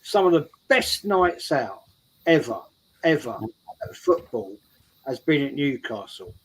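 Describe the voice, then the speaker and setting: A man's voice: medium pitch, very animated, measured pace, breathy edge, low-quality recording. A man telling a rambling story in casual chat, repeating his words as he goes. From England. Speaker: show regular. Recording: faint background noise.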